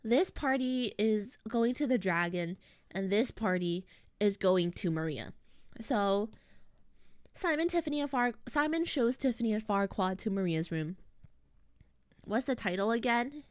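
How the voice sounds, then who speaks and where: A woman's voice: medium pitch, expressive, unhurried, clean tone, dry recording, studio quality. A young woman streaming, casually recapping a story in a rambling, slangy way full of fillers and restarts. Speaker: VTuber streamer.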